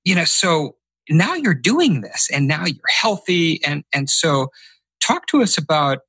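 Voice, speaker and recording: A man's voice: on the high side, sing-song, a little slow, pushed and bright, husky, no room sound, poor audio. A man hosting a podcast interview, enthusiastic, with stumbles and restarts. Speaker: podcast host. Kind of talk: casual interview talk.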